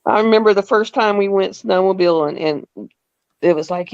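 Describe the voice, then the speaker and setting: A woman's voice: medium pitch, animated, moderate pace, no room sound. Chatty woman telling stories, dry lo-fi sound. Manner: chatty, laughing, acts out quotes. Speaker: host. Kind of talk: casual storytelling chat.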